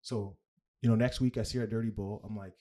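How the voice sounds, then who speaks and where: A young adult guest comedian with a low-ish, warm voice talks fast with fairly even intonation. He rambles through a long personal story casually and candidly, leaning heavily on "right?" and "like".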